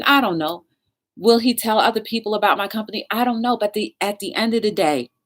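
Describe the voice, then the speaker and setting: A woman hosting a talk show, telling a story in a casual livestream chat and talking straight to her viewers. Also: a little high. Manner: chatty, animated, talks straight to viewers.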